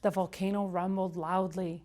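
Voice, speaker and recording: A woman reading a children's book aloud for storytime, lively and expressive. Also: lowish voice, normal speed. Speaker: storytime reader.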